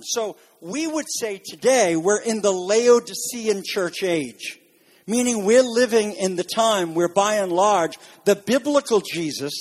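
A man teaching a Bible lesson as a sermon, talking fast and rising with emphasis. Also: high voice, lively intonation.

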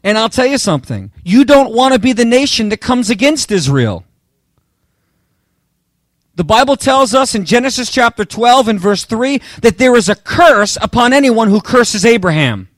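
A man's voice: very high-pitched, lively intonation, moderate pace, a bit bright, no room sound, clean studio sound. A man preaching a sermon with emphatic delivery, talking straight to the congregation. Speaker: pastor.

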